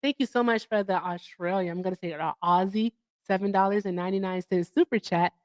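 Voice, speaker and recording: A woman's voice: mid-range voice, quick pace, a little mellow, no room sound, clean studio sound. A woman hosting a livestream in casual chat, chatty and effusive as she thanks her viewers. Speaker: livestream host.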